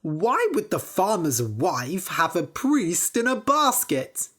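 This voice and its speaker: A woman's voice: fairly low pitch, big pitch swings, slow, exaggerated voice. A woman voicing a clever young man who tricks everyone, sly and matter-of-fact.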